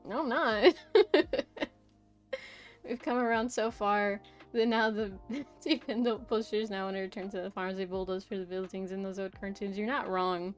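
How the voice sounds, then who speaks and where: A woman's voice: mid-range voice, little pitch movement, normal speed, clean tone, soft background music. A young woman streamer chatting casually, rambling through a story with lots of "like" and "right?".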